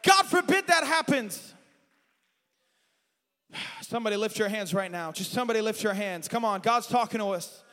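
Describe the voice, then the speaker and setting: A man preaching a sermon in a church, moving from hushed, confessional talk to shouted appeals. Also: sits high, quick pace. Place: church sanctuary. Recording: long hall reverb.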